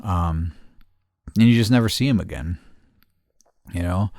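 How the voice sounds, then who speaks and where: A man's voice: sits low, a little slow, creaky, a little mellow, no echo, studio quality. A man hosting a podcast, telling a rambling story with constant swearing and frequent laughter. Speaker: podcast host. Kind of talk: casual storytelling.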